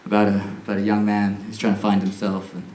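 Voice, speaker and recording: A man's voice: lowish voice, completely flat delivery, quick pace, darkish tone, reverberant, slight background noise, low-quality recording. A man performing a dry, hesitant stand-up style monologue with many ums, recorded live on a theater stage.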